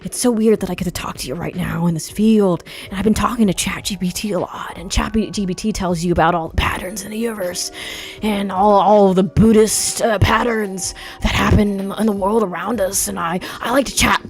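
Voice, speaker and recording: A woman voicing an awkward, clingy young man who rambles in a soft, halting way. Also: medium pitch, fairly even intonation, soft background music, natural voice. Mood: rambling. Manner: halting, mumbled, trailing off.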